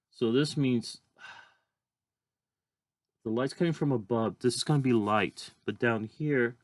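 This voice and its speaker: A man's voice: mid-range voice, no room sound. A man teaching a drawing lesson, talking casually and thinking aloud as he draws. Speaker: art teacher.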